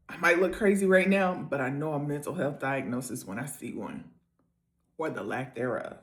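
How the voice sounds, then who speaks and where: A woman's voice: a bass voice, lively intonation, a little fast. A woman hosting a makeup storytime vlog, giving wry, chatty reaction commentary. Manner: chatty, wry asides with laughter.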